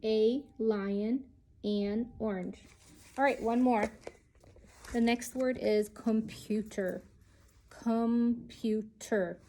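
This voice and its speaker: A woman's voice: fairly high pitch, fairly even intonation, slow pace, long pauses, mellow, slight background noise. A woman teaching a children's lesson, speaking patiently and sounding out each letter.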